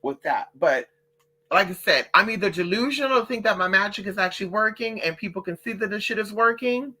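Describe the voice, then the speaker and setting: A woman's voice: mid-range voice, fairly quick. A woman telling a long, profane story in a casual storytime vlog, talking straight to her viewers and acting out other people's voices. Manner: animated, profane, chatty. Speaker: vlogger.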